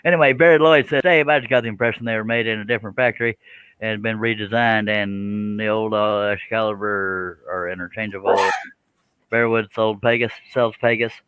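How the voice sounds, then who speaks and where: A man's voice: fairly low pitch, fairly even intonation, fairly quick, smooth, dry recording, narrow, tinny audio. A man hosting a live stream in a casual, joking chat, reading out viewer comments. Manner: joking, chuckles, does silly animal noises.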